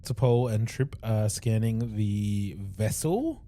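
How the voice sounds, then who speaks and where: A man's voice: fairly low pitch, expressive, slow, warm tone. A man co-hosting a podcast, recapping an episode at length in casual chat and acting out quoted lines. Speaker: podcast co-host.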